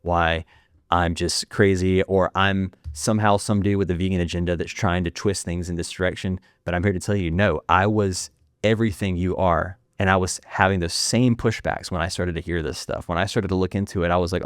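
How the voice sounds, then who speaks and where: A man, a filmmaker guest on a podcast, talking intensely in rapid bursts with frequent restarts. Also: low voice, steady tone, clean tone, no room sound, clean studio sound. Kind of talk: impassioned podcast interview.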